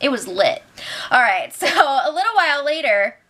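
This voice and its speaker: A woman's voice: high voice, very animated, normal speed, fairly bright tone. A young woman hosting a casual recap show, chatty and sarcastic, laughing often and acting out what people said.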